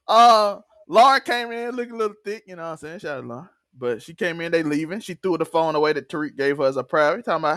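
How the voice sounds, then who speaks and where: A man with a high, lively voice hosts a TV recap podcast in excited casual chat. He laughs a lot and keeps slipping into the characters' lines. The sound is dry and close. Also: quick pace, few pauses, no room sound. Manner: animated, laughs often, acts out characters' lines. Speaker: TV review podcast host.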